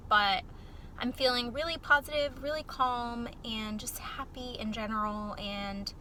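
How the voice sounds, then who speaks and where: A woman talking candidly to camera in a casual personal vlog, soft-spoken and heartfelt. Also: mid-range voice, slight background noise, poor audio. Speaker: vlogger.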